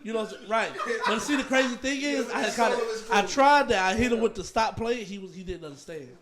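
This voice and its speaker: A man who plays keys in church, telling stories in casual podcast chat, animated and laughing often. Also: high voice, fast talker, a crowd in the background. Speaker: church keyboard player.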